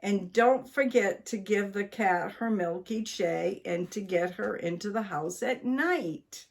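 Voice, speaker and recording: Woman reading as a brisk bossy older wife. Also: medium pitch, creaky. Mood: instructing. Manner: firm, instructing.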